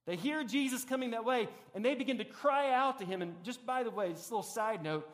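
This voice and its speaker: A man preaching a sermon as a pastor, moving between raised preaching and soft, hushed reflection. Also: extremely high pitch, fairly quick. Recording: long hall reverb.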